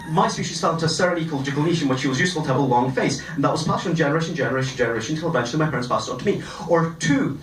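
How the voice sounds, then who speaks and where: An eighteen-year-old man doing a stand-up comedy set on a club stage, delivering deadpan one-liners with pauses. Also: fairly high pitch, slight background noise. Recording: roomy live club sound from a distance.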